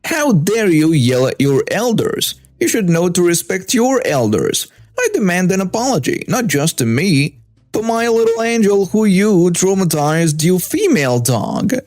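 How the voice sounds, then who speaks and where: A man's voice: fairly high pitch, expressive, measured pace, few pauses, darkish tone. A man narrating a story, putting on the shrieking voice of an indignant entitled mother. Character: shrill entitled middle-aged mother.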